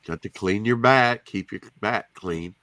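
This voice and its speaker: A man's voice: fairly low pitch, measured pace, pushed and bright, no echo. A man co-hosting a casual livestream chat, reading chat and cracking dry jokes. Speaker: co-host.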